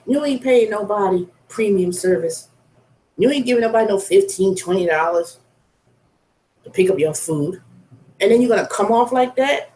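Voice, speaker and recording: A woman's voice: mid-range voice, a little mellow. Blunt ranting woman, roomy echo. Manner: blunt, profane, venting. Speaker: food delivery driver. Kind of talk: casual vlog rant.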